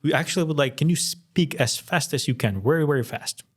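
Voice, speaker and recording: A man co-hosting a tech podcast, talking in a relaxed, easygoing way with frequent fillers during a live demo. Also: on the high side, fairly quick, breathy edge. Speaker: podcast co-host, company co-founder. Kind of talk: casual demo chat.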